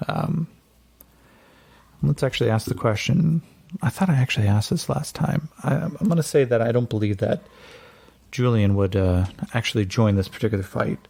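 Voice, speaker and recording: Gravelly, rambling game master, a man. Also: medium pitch. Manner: relaxed, rambling, with many fillers and self-corrections. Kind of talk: narrating a tabletop game.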